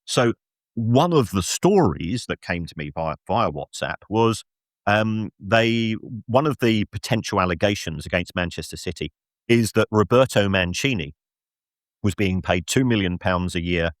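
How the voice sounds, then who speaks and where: A middle-aged man, a football finance expert guest on a podcast, telling an animated story with lots of restarts and self-mocking laughs. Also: on the low side, normal speed, no room sound, studio quality. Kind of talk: casual podcast anecdote and analysis.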